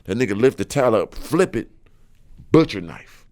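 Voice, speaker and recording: A podcast host tells a story in casual, slangy, profane speech, acting out quoted lines in a raised voice with lots of animation. His voice is fairly low and his speed normal.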